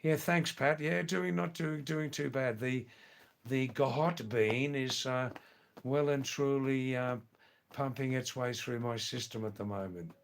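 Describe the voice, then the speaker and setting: An older man with an Australian accent hosting a live stream, answering viewer messages one by one in an unhurried way and often repeating his words. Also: medium pitch, steady tone, vocal fry.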